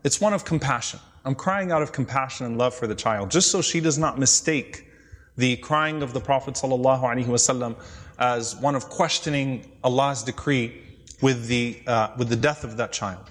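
A man's voice: medium pitch, moderate pace, fairly bright tone. A man delivers a storytelling sermon, retelling old narrations. He quotes Arabic lines and then translates and explains them. His mid-range voice rings out with a long reverb, as if he is speaking in a large hall. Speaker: Islamic lecturer.

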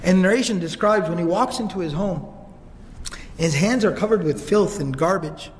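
Brief: animated male preacher, high voice, long reverb of a mosque hall. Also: normal speed. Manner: animated, repeats words while searching. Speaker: religious lecturer. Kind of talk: storytelling sermon. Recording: reverberant hall, faint ambience.

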